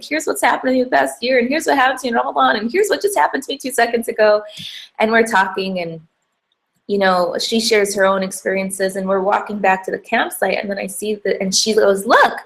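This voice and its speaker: A woman's voice: mid-range voice, vocal fry. A young woman telling a personal faith story to camera, chatty and emotional, with many fillers. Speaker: hijab brand founder giving a faith talk.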